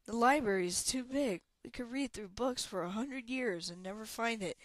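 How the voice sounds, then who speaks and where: A woman's voice: fairly high pitch, moderate pace, dry recording, close to an everyday voice. A woman reading aloud, voicing an anxious young male hero in a subdued, glum tone. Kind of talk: audiobook character voice.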